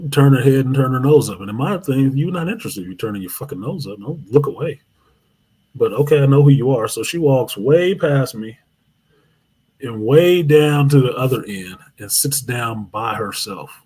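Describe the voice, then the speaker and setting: A man hosting a live show, telling a long, profane story in an animated way. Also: medium pitch, moderate pace, husky. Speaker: host.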